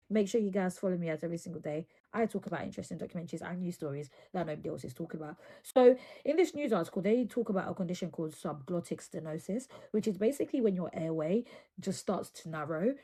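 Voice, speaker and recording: A woman's voice: lowish voice, expressive, fast, dark tone. A young woman talking casually to camera as a video creator, earnest and emphatic, repeating words for stress.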